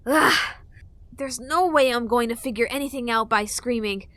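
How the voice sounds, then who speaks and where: A woman's voice: fairly high pitch, a little fast, a bit bright, dry recording, lightly acted. A woman voicing a grumpy, frustrated young boy trapped in a scrub's body, muttering to himself in an audiobook. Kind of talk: audiobook character voice.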